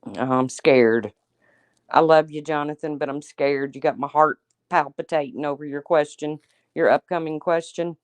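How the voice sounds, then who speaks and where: A woman's voice: low voice, flat delivery, normal speed, no room sound. Chatty woman livestream host, dry sound. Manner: chatty and teasing, often laughing, addresses viewers by name. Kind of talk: casual livestream chat reading viewer comments.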